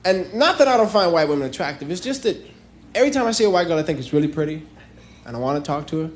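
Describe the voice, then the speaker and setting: Crowd laughter and noise surround a young stand-up comic from New York City on a club stage. His fairly high voice swings widely in pitch and races along very fast as he jokes conversationally and breaks into acted voices.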